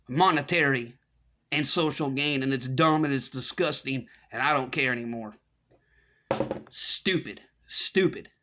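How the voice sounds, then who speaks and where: A middle-aged man hosts a commentary rant in a bright, sharp-edged voice that sits slightly high. He talks with open scorn, circling back over the same phrases, and mocks the people he criticizes. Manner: scornful, repetitive ranting with mocking voices. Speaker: commentary host. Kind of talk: ranting monologue.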